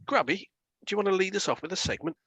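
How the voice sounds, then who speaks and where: Man, bright voice, wry podcast host, dry close sound. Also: sits high, big pitch swings, fast talker, husky, dry recording, poor audio. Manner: wry, teasing, gently sarcastic. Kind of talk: casual chat.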